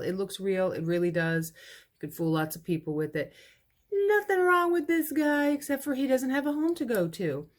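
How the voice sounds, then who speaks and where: Chatty woman pitching vintage sale items. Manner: chatty and fond, calls items cute little babies; ends each pitch with price and lot number. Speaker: vintage shop owner running an online clearance sale. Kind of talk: casual live sale item presentation.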